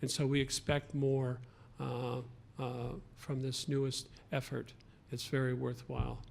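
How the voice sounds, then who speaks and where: Man from a local transit agency at a press podium, gravelly, even-toned, hesitant. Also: medium pitch. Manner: halting, many fillers and restarts. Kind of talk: press conference remarks. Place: press club event room.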